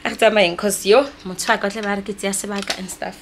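Speaking very fast with few pauses, the young South African woman delivers her vlog chat flatly at a medium pitch over slight background noise. She chats in a South African accent, switching between English and Sesotho/Setswana.

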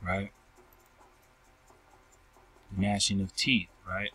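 In a low, monotone voice that is sharp and husky, a scripture teacher works through verses, reading and explaining them. Nearly every phrase ends with a questioning "right?" as he checks in with listeners, whom he calls family, in a slow, repetitive style. The audio quality is poor.

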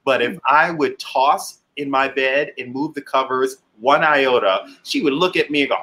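A man's voice: mid-range voice, moderate pace, hardly any pauses, sharp tone, a little hiss or hum. A man hosting a casual online chat show, talking with enthusiasm and reading out viewer comments. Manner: chatty and enthusiastic, reads viewer comments aloud. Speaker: host.

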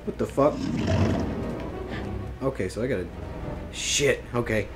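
A gamer giving live gameplay commentary, excitable, swearing often and breaking into yelps and laughs. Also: medium pitch, unhurried. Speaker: let's play gamer. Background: game music.

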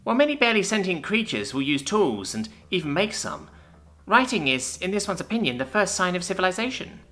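A man doing a squeaky little mouse alien. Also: big pitch swings, fairly quick, fairly bright tone. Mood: polite. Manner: squeaky, deferential. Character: small timid mouse-like male alien officer.

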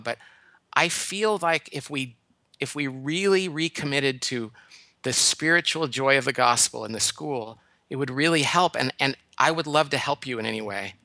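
Bright, emphatic man giving advice. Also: medium pitch, moderate pace, dry recording. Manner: animated, emphatic storytelling that acts out other people's lines. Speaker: guest advice-giver, management consultant. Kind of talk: radio call-in advice.

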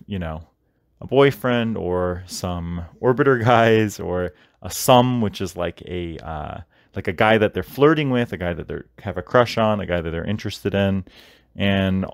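A man's voice: low-pitched, dry recording, clean studio sound. A man hosting a podcast, talking casually and rambling with many fillers and tag questions. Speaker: podcast host. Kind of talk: casual instructional podcast monologue.

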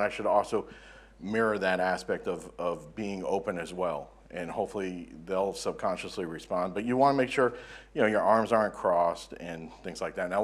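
A man from the southern United States giving a relaxed, self-deprecating conference presentation in a conference room. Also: lowish voice, slightly rough. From Southern United States (Florida). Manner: conversational, self-deprecating, joking. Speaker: conference speaker.

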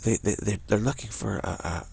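A man with a deep-leaning, heavily husky voice muses aloud on spiritual ideas. His speech stalls, repeats words and starts over as he thinks. A gravelly fry runs through his reflective teaching monologue. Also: fairly even intonation, a little mellow. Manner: halting, repeats words and restarts often.

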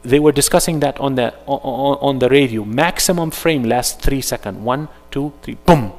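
A man leading an interactive workshop at a mosque, animated, acting out little dialogues and dropping Arabic phrases into his English. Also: medium pitch, normal speed, big-room sound. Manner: animated, acts out dialogues in put-on voices.

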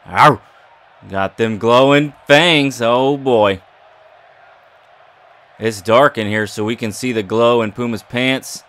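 A man's voice: mid-range voice, slow pace, long pauses, fairly bright tone. A man giving playful, jokey commentary over a wrestling video game and talking back to its characters. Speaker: gaming YouTuber. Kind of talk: casual gameplay commentary.

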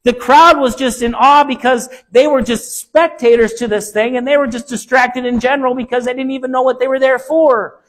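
Preaching a sermon in a very high-pitched voice, this male pastor hammers the same phrases with an emphatic, repetitive rhythm. He shifts between hushed, low passages and louder, lifted ones, keeping a fairly even intonation at a moderate pace with hardly any pauses.

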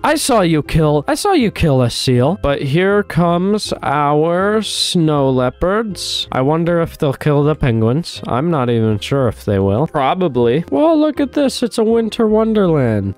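Young guy yelling at his zoo animals in a game, voice bouncing all over, bit of music under it. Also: a little high, unhurried. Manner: excitable, swearing, talks to animals. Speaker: gaming YouTuber. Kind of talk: casual gameplay commentary.

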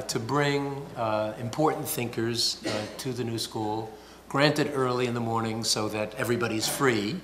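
A man hosting a breakfast talk series, introducing the guest speaker in a halting way with many pauses. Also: fairly low pitch. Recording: roomy with light noise.

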